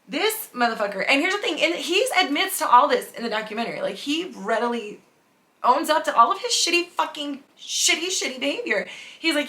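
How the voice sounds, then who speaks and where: A woman with a bright, clear voice that sits a little above the usual pitch, telling a story on a podcast. She keeps it casual and animated, swears freely and jumps into the voices of the people she talks about. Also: moderate pace. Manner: animated, profane, acts out the people in her story. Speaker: podcast host.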